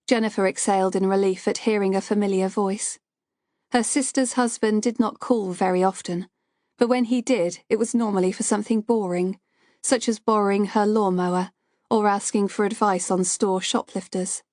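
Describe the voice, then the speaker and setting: A woman reading a psychological thriller audiobook in a steady, measured way. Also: medium pitch, dry recording, clean studio sound. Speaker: narrator.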